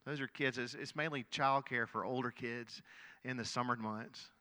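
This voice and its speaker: A middle-aged pastor tells a story during his sermon in an earnest, conversational manner, frequently doubling up his words. His medium-pitched voice has a bright, forward edge and a steady tone at a moderate pace, ringing with the long reverb of a large church hall.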